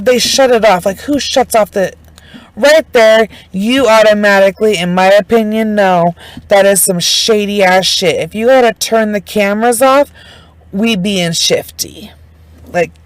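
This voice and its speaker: A woman's voice: mid-range voice, dry recording, poor audio. A woman casually retelling a true crime case, chatty and indignant, full of fillers and swearing. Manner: emotionally invested, indignant.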